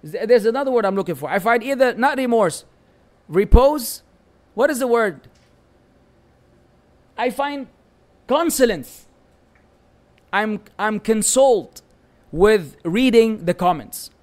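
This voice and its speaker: A native Arabic speaker with a Lebanese Arabic accent answers viewer questions as an Islamic teacher in a lively, bantering live-stream chat dotted with Arabic phrases. His voice sits high, and he speaks at a measured pace with long pauses.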